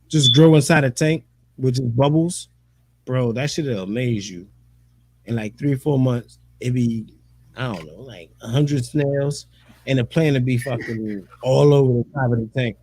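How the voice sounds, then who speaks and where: A man's voice: medium pitch, darkish tone. A man hosting a casual chat, telling stories animatedly with lots of profane slang and frequent laughter. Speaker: podcast host.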